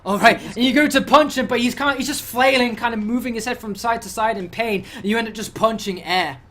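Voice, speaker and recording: A man's voice: very high-pitched, a little fast, pushed and bright, slight background noise. A man running a tabletop game as game master, talking loosely with fillers, restarts and swearing.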